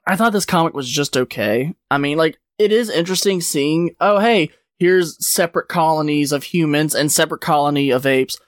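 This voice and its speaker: A man's voice: a little high, moderate pace, few pauses, dry recording, studio quality. A man hosting a podcast, casually retelling a comic's plot with plenty of "like" and "uh" fillers. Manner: rambling retelling, many "like" and "uh" fillers. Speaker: podcast host. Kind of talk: casual comic book recap.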